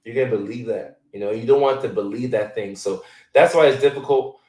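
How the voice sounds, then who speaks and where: A man's voice: medium pitch, fairly quick, darkish tone, echoey room, recorded from a distance, poor audio. A man in his thirties, born in Ghana, hosting a casual live chat and answering viewer questions in a loose, filler-heavy way. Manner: loose and conversational, many fillers.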